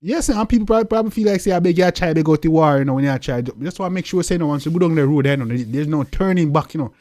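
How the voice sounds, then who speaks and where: A young man with a Jamaican accent talks in an interview, forceful and repetitive, his voice pitched a little high. His delivery keeps circling back and rising into loud, emphatic bursts. The sound is close and dry, with no room around it. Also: racing, no room sound. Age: young adult. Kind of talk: interview talk.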